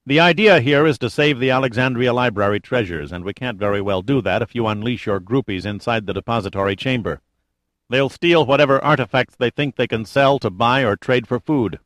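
A man's voice: medium pitch, fairly bright tone, dry recording, lightly acted. Man doing cocky male adventurer, sarcastic, blunt, casual, dry sound.

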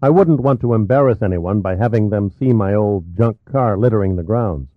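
A man's voice: on the low side, moderate pace, dry recording, close to an everyday voice. A man reading the part of a sardonic male adventurer in an audiobook, curt and sarcastic. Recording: tinny phone-like, dry.

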